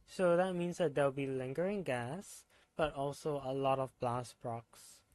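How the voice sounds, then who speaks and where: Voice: medium pitch, measured pace, darkish tone, dry recording. A streamer chatting casually while gaming, thinking aloud with fillers.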